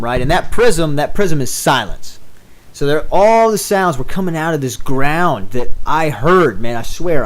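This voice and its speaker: Man telling an animated story. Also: on the high side. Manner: animated storytelling, casual swearing. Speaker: podcast co-host. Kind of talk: casual chat.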